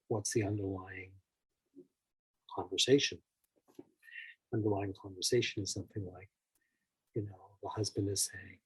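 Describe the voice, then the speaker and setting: Husky-voiced male therapist, loose and chatty. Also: sits low, flat delivery, unhurried, pauses often, poor audio. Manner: loose and conversational, full of "like" and "you know"; acts out the people in his examples. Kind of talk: explaining with examples.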